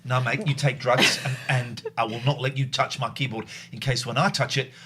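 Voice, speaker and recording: Husky joking male podcast host. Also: medium pitch, fairly even intonation, normal speed, a bit bright. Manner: joking, laughing banter. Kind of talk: casual chat.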